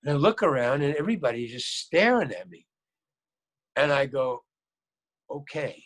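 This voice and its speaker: A man's voice: mid-range voice, normal speed. A man, a guest actor, telling a story and acting out what people said, often repeating his words. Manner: animated, acts out quoted lines, repeats words. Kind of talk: storytelling anecdote.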